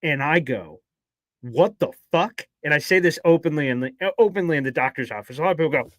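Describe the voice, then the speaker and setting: A man co-hosting a casual sports talk show, telling a story in a lively way and acting out his own reactions. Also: fairly high pitch, rapid-fire, no echo. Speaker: podcast co-host. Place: radio station studio.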